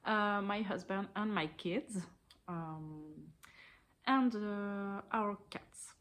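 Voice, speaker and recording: A French woman in her thirties chats hesitantly about her knitting from her living room for a video podcast, saying many ums and seeming a little shy on camera. She speaks with a French accent in a medium-pitched, fairly bright voice, drawing out her words.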